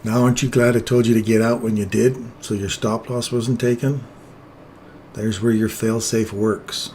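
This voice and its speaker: A man hosting a live trading stream, explaining chart entries in a relaxed, jokey way. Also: fairly low pitch, normal speed, a little hiss or hum. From England.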